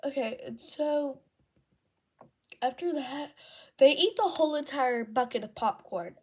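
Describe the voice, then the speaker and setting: A woman's voice: high voice, a little slow, darkish tone. A teenage girl telling a rambling storytime while doing her makeup, full of ums and self-corrections. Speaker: vlogger.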